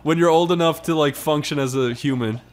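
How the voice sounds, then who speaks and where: A man telling funny childhood stories in a casual chat, laughing and hiccuping while he yells impressions. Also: a little high, brisk. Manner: loud laughing storyteller, yelps impressions. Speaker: podcast regular.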